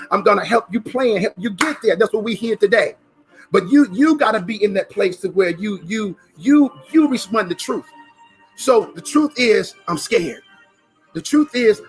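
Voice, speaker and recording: Fervent high-voiced motivational speaker man. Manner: preachy, emphatic, repeats phrases, rising to shouts. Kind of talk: motivational talk.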